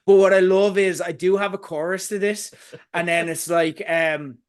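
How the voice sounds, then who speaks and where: Man, podcast host, high voice, excitable, laughs a lot, casual chat. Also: normal speed, smooth. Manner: excitable, swearing, laughs often.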